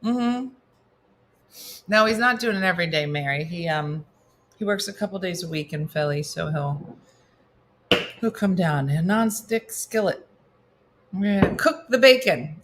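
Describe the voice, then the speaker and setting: A middle-aged comedian cooks in her home kitchen for a casual morning show, chatting wryly and answering viewer comments out loud. She talks at a moderate pace in a lowish voice, and there's a little background noise.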